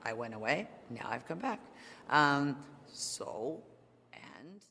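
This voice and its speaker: A woman's voice: very deep voice, big pitch swings, takes it slowly, bright, forceful tone, big-room sound, slight background noise. Rambling, candid woman in an interview. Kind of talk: casual interview chat.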